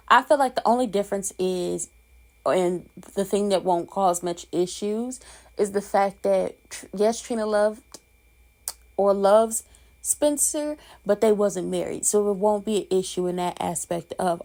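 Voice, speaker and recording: A woman's voice: mid-range voice, unhurried, a little mellow. A woman hosting a casual soap opera recap, talking in a sassy, emphatic, slangy way and giving strong opinions.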